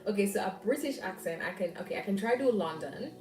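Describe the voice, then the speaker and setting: A woman's voice: mid-range voice, expressive, fast, far from the mic, music in the background. Jamaican woman chatting from across a roomy space. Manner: chatty, laughs often, rambling asides. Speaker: vlogger. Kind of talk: casual chat.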